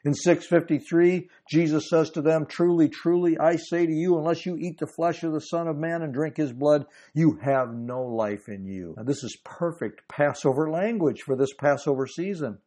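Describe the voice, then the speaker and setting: A man's voice: on the high side, moderate pace, hardly any pauses, mellow. A man preaching a sermon, reading scripture aloud and explaining it, with emphatic swells in his delivery.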